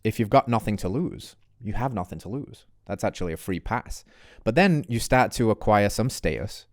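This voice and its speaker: A man's voice: fairly low pitch, lively intonation, normal speed, no echo, studio quality. A man hosting a podcast, enthusiastic and asking long, probing questions. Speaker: podcast host. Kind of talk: casual interview.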